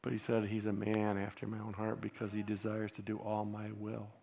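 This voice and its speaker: A man preaching a casual, storytelling sermon to a church congregation, chuckling often and getting animated when he quotes other people. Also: on the low side, brisk, creaky, a little hiss or hum. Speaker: pastor.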